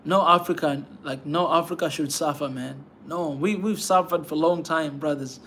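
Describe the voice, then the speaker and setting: A man's voice: on the high side, fairly even intonation, normal speed, a bit bright, a little hiss or hum. A man hosting a pan-African channel, talking to his viewers with fervent, repetitive urging and a constant "man" at the ends of his phrases. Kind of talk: impassioned livestream talk to viewers.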